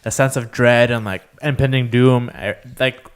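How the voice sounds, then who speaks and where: Smooth-voiced man in casual podcast chat. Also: medium pitch, normal speed. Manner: loose and animated, acts out quotes, swears freely. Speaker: podcast co-host.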